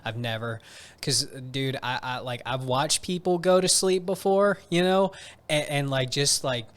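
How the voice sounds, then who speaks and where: A man talking candidly in a casual podcast chat, his voice smooth and resonant at an ordinary pitch. He leans on "dude" and "man" and is quick to run himself down. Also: a bit bright. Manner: candid, self-deprecating, drops "dude" and "man" often.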